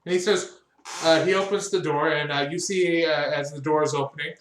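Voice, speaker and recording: A man's voice: on the high side, fairly even intonation, fairly quick, roomy sound, slight background noise. A man narrating as game master of a tabletop game, loose and rambling with fillers.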